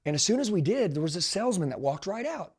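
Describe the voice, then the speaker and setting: A man in his forties, a sales trainer, telling a story in an emphatic, animated, slangy way and calling his listeners dude. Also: sits high, fast talker, slightly rough. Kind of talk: motivational storytelling.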